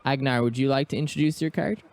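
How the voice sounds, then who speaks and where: A man's voice: medium pitch, fairly even intonation, racing, darkish tone, clean tone. A man narrating a tabletop game as game master and prompting the players.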